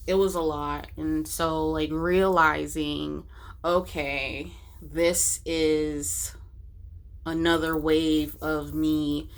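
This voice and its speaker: A woman talks straight to her viewers in a personal vlog, slow and unhurried, with a somewhat low voice. Her delivery is emotional and halting, full of restarts and trailing phrases, with a tearful edge. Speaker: vlogger.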